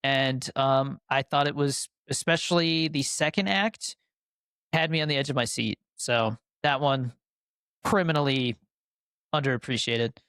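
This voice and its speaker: A man's voice: mid-range voice, measured pace, fairly bright tone, smooth, no room sound, clean studio sound. A young adult man co-hosting a podcast, talking casually and enthusiastically about his favorite films with lots of fillers. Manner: rambling, filler-heavy, enthusiastic. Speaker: podcast co-host. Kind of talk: casual film review chat.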